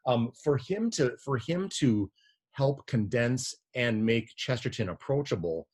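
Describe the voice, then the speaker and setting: A physician and editor, interviewed casually as a guest, tells a meandering story at a measured pace. The middle-aged man has a medium-pitched, darkish, slightly rough voice with lively intonation, and he frequently restarts sentences and repeats words.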